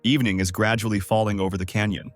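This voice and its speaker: A man narrating a comic story recap as scripted narration, voicing each character's lines by raising his pitch. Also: fast, no room sound, soft background music. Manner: lively, voices characters with higher pitch.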